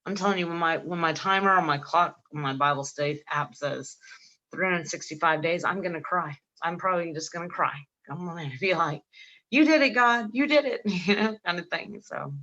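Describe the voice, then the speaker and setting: Telling animated stories on the casual podcast she co-hosts, this middle-aged woman voices both sides of each conversation and often breaks into laughter mid-sentence. She speaks at normal speed in a fairly low voice, and the highs are cut off.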